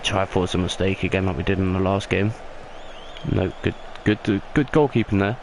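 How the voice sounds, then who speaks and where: A young man doing excitable play-by-play football commentary over a video game he is playing. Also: moderate pace, slight background noise, low-quality recording. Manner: excitable play-by-play, rising in pitch on big moments. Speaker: gaming YouTuber.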